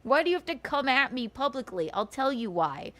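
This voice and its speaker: Sarcastic woman host, casual stream rant, giggly, lively pitch. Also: brisk. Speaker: livestream host.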